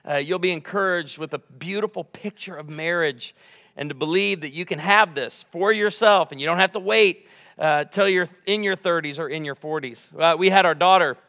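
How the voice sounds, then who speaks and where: A guest preacher in his forties banters playfully with the congregation as he gives a lighthearted sermon. He speaks at a moderate pace in a fairly high, pushed, bright voice, which carries through the large church sanctuary.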